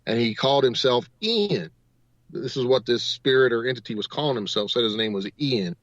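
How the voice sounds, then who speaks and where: A man's voice: mid-range voice, lively intonation, brisk, no echo. Man telling a story over dull, lo-fi audio. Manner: rambling storyteller, strings clauses with "and". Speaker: paranormal investigator, radio guest. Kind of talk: telling a story on a talk radio show.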